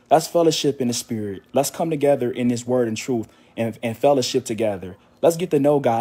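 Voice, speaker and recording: A man's voice: mid-range voice, mellow. A man giving an earnest, repetitive faith exhortation to his channel, a little out of breath from walking.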